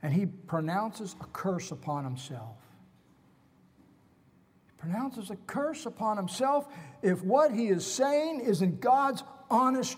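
A man preaching a sermon dramatically, swinging between loud emphasis and hushed whispers. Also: sits high, sing-song, unhurried, slightly rough, big-room sound.

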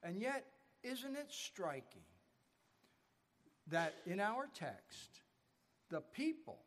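A man with a high voice preaches a sermon from the pulpit. He tells stories and leans hard on key words. His voice rings through a church with a long reverb. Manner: storytelling preacher, rising and falling emphasis. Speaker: pastor. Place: church sanctuary.

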